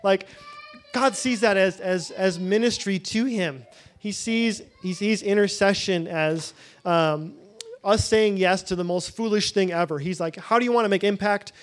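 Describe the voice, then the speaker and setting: A man's voice: high-pitched, a little slow. A young man leading a prayer-room teaching, talking casually with lots of fillers, restarts and self-deprecating asides, into a podium microphone. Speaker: prayer leader.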